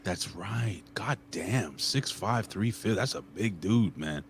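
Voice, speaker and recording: A man with a very low voice co-hosts a laid-back podcast, swearing freely and telling stories with animated bursts. A faint hiss of background noise sits under his voice. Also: slow. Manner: loose, profane, animated storytelling. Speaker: co-host. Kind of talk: casual podcast chat.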